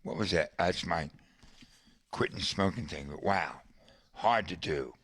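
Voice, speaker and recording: A man with a lowish voice spins a casual story at a slow, easy pace, breaking off for asides to a friend in the room. The sound is dry and close, with no room around it. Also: fairly bright tone, no room sound. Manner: conversational, colorful storyteller with asides. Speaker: podcast host.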